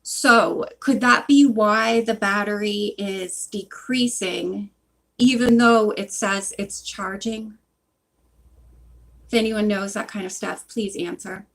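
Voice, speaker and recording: A woman's voice: medium pitch, steady tone, slow pace, vocal fry, a bit bright, rough recording. A woman reading a book aloud and chatting in between, rambling and interrupting herself, recorded on a phone in a hot room. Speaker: reader.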